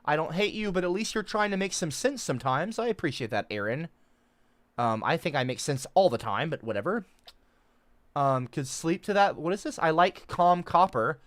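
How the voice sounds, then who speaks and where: Chatty guy streaming, super animated pitch, bright voice, gets defensive fast. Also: no room sound. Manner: lively, rambling, quick to get defensive. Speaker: streamer reading chat. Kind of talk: casual chat.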